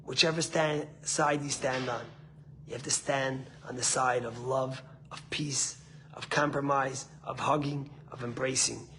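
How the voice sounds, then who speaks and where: A man giving a short, earnest sermon as a rabbi, rising to passionate peaks and falling soft, with Hebrew words mixed in. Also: mid-range voice, fairly even intonation, measured pace, a little hiss or hum.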